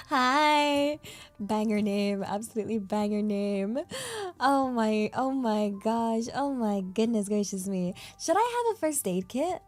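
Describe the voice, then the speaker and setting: Bubbly, giggly woman streamer over soft music. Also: fairly high pitch, slow. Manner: bubbly, giggly, easily excited. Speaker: VTuber streamer. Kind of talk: casual live-stream chat.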